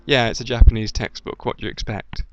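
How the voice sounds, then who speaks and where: A man's voice: medium pitch, little pitch movement, fast, a bit bright, a little hiss or hum. Rambling young British man, lo-fi. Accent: generic British, slight Midlands. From English Midlands. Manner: rambling, hesitant, lots of ums and self-corrections. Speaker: YouTube let's-player. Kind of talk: casual tag-video chat. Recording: dull lo-fi voice with faint game music.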